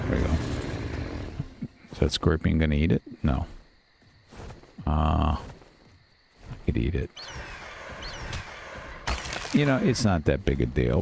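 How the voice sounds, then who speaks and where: A man with a very low, gravelly voice narrates his game as he plays, thinking out loud and grumbling when things go wrong. There is a faint hiss of noise under the recording. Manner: muttering to himself, quick to get frustrated and swear. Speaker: gaming channel host. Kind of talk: casual gameplay commentary.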